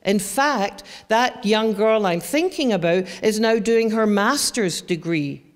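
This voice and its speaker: A woman's voice: medium pitch, a little slow. A woman giving an explanatory presentation to an audience, often checking in with "right?". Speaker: speaker on adolescent brain development. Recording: hall reverb.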